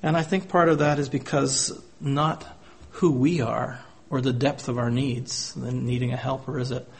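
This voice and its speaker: Guy preaching in church, earnest, pretty monotone, keeps asking "doesn't he?" kind of questions. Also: medium pitch, normal speed. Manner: earnest, adds rhetorical tag questions; quotes scripture in old-fashioned wording. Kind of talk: sermon. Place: church gathering.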